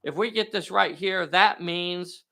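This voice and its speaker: Gravelly, bright-voiced tabletop game host. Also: male voice, sits high, unhurried. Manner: folksy and enthusiastic, talks to viewers directly. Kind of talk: live narration of a tabletop game.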